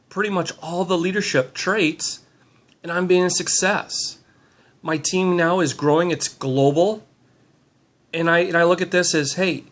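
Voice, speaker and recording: A middle-aged man filming himself on a handheld camera, giving an upbeat, rambling motivational talk with many fillers. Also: fairly high pitch. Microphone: handheld camera mic.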